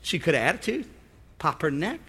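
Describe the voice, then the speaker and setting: A man preaching a lively sermon, calling for amens and acting out the voices of the people in his stories. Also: a little high, fairly quick, slight background noise. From United States. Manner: lively preaching, calls for amen, acts out voices. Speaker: pastor.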